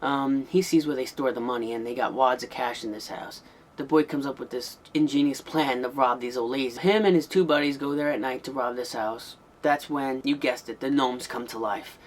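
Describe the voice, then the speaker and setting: Guy doing a loose chatty vhs review, mid-pitched voice, lots of ums and restarts. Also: moderate pace, slight background noise. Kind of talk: casual spoken review.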